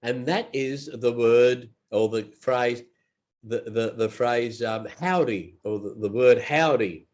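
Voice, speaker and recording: A man's voice: mid-range voice, expressive, darkish tone. A man teaching English phrases in a casual lesson, repeating each one aloud and not feeling well. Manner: slow and repetitive, models phrases aloud. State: unwell.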